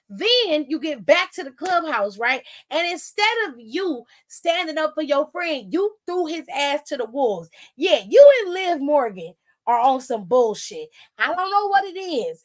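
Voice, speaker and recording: Sassy high-voiced woman recapping wrestling. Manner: animated, sassy, profane storytelling. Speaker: wrestling show commentator. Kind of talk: casual commentary recap.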